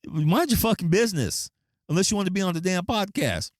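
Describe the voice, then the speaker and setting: A man rants through his solo podcast, swearing freely and playing out the people in his stories. His pitch swings widely, and the sound is close and dry with no room in it. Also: fairly quick, dry recording. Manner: profane, animated storytelling with quoted voices. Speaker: podcast host. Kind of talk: casual solo podcast rant.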